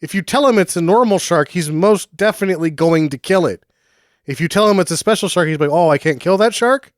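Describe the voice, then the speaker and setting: A man co-hosting a casual movie chat, crude and quick to laugh, acting out scenes. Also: high voice, no room sound, studio quality. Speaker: podcast co-host.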